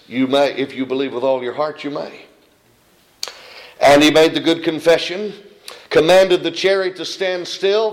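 Male preacher, fairly high voice, tells stories and acts out the voices; roomy, echoey sound. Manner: storytelling, acting out quoted voices. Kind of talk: sermon. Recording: echoey room.

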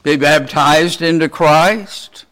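A man preaching a sermon, asking his listeners many rhetorical questions in a slow, deliberate way. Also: on the high side, a bit bright.

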